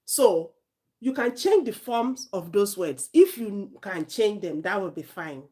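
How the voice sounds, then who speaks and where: A Nigerian woman talks students through IELTS speaking tips in a loose, conversational lesson. Her voice sits at a middling pitch for a woman, and her delivery is animated and chatty. She restarts and corrects herself as she goes. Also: measured pace, breathy edge. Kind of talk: informal spoken lesson.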